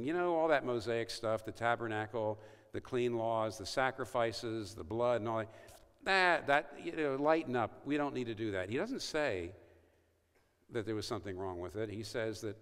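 A man's voice: mid-range voice, fairly bright tone. A man giving an evangelistic talk to a university audience, telling stories and acting out quoted lines. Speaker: speaker at a university event. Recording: reverberant hall.

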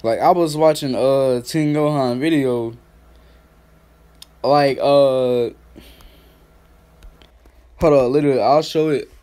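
A young man doing profane, mocking trash-talk commentary on a stream, laughing and calling people out in a put-on higher voice. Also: slow, pauses often, clean tone. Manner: mocking, laughing, loud call-outs; put-on higher voice instead of his deep one. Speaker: YouTube commentator.

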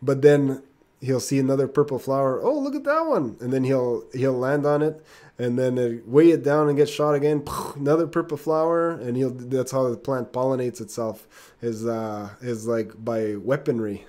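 A man teaching an online lesson on plants in a casual, halting way, with many fillers, restarts and laughs. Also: medium pitch, fairly even intonation, mellow. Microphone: computer mic.

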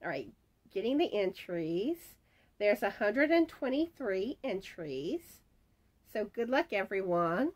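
Lady reading out comments real slow, chatty and giggly. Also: medium pitch, sing-song. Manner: chatty, laughs often, warm asides to viewers. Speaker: crochet channel host announcing giveaway winners. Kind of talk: casual chat, reading viewer comments aloud. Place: at home, screen door rattling in the wind.

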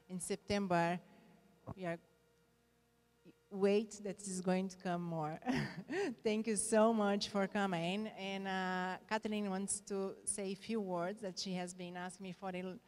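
A woman's voice: fairly low pitch, flat delivery, takes it slowly, in a large hall. Grateful woman organizer giving thanks. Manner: grateful, laughing, loose with fillers. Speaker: show organizer. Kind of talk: live thank-you speech. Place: event hall.

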